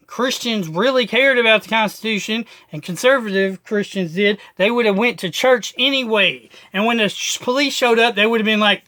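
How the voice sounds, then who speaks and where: A man delivers a political rant to camera with a bright, forceful edge. He hammers his points through repetition and profanity. His delivery stays emphatic throughout. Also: high voice, normal speed, few pauses. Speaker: video host.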